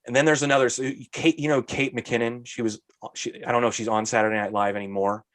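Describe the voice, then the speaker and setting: A man co-hosting a podcast in casual chat, ranting about a movie with exasperated, animated asides. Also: mid-range voice, fast talker, no room sound. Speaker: podcast co-host.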